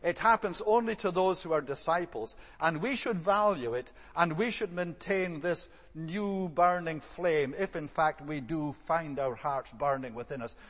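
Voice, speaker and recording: A man giving an evening sermon. He speaks in a measured, thoughtful way, often pausing on "eh" and "uh.". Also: fairly high pitch, a bit bright, in a large hall. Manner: measured, thoughtful delivery with frequent "eh" and "uh" restarts. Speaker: preacher.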